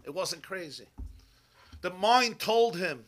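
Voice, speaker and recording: A man's voice: sits high, animated, a little slow, fairly bright tone. A rabbi giving a Chassidic Torah class, telling stories with animation and mixing in Hebrew and Yiddish terms, often checking in with his listeners. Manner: checks in with listeners, asking "yeah?".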